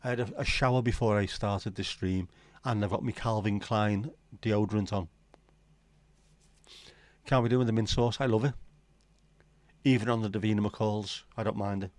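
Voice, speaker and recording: A livestream host with a lowish, steady voice talks at normal speed, pausing often, in a recording with no echo. He rambles casually, jokes with viewers, swears freely, and reads their comments.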